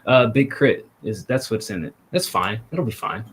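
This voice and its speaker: A man hosting a music review stream, chatting casually and teasing his guest while stalling with repeated pauses. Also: medium pitch, expressive, a bit bright, slight background noise. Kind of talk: casual chat.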